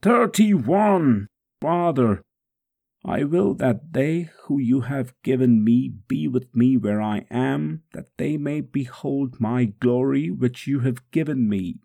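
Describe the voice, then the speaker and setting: A man's voice: medium pitch, gravelly, mellow. A man reading aloud in the first person as a suffering man praying steadfastly through a scourging, in a solemn, prayerful way. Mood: pleading. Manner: solemn, prayerful, slow and measured.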